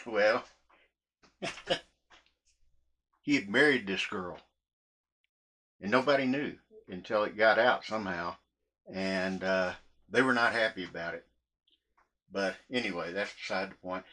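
A cooking vlogger rambles through meandering stories while preparing food in his kitchen, often chuckling between sentences. His voice is fairly low in pitch, bright and forceful.

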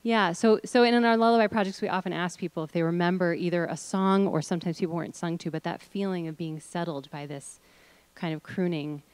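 A woman's voice: fairly low pitch, fairly quick, darkish tone, clean tone, dry recording. A middle-aged woman leading an audience through voice exercises, encouraging them and demonstrating with hums, chants and sung notes. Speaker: workshop leader.

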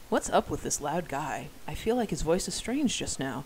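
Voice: mid-range voice, big pitch swings, normal speed, hardly any pauses, slight background noise, low-quality recording. Amateur narrator with wry asides. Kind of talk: amateur first-person novel reading.

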